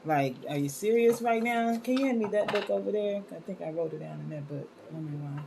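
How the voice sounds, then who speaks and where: A woman's voice: mid-range voice, a little fast, creaky, noisy background. A woman hosting a wellness live stream in casual chat, scattered and talkative, calling her viewers y'all. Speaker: wellness show host.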